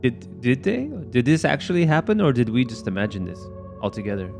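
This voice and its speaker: A man playing a tabletop fantasy game, asking questions and chatting in an easygoing, casual way with the group. His voice sits at a middling pitch, with faint music behind it. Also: sing-song, fairly quick, vocal fry, a little mellow. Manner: inquisitive, easygoing. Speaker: player.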